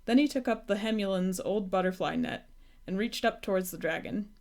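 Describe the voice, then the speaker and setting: A woman's voice: mid-range voice, brisk, darkish tone. Woman reading a children's storybook. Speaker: storybook reader. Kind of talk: reading a children's book aloud.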